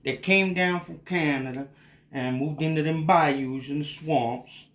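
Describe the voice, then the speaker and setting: A man's voice: a little high, unhurried, fairly bright tone, reverberant. A tipsy man with a Louisiana Cajun accent, cooking and rambling in a folksy, drawling way for a casual cooking vlog. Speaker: home cook.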